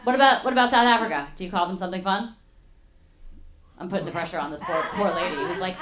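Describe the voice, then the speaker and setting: A woman's voice: fairly low pitch, quick pace. A young woman doing a stand-up comedy set in a club, chatty and playful with the audience. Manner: chatty, playful crowd work. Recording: roomy club sound with audience laughter. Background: audience laughing.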